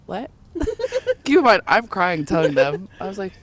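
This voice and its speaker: A woman's voice: fairly low pitch, normal speed. Young woman telling a story, laughing. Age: young adult. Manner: laughing, animated storytelling with quoted voices. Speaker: podcast guest. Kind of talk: casual storytelling chat.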